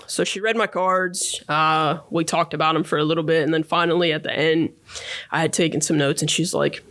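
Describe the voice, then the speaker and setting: A man in his thirties with a fairly high speaking voice shares his story as a podcast guest. He talks in a casual, reflective way, with lots of small fillers and tag questions. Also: fairly even intonation, brisk, sharp tone. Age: 30s.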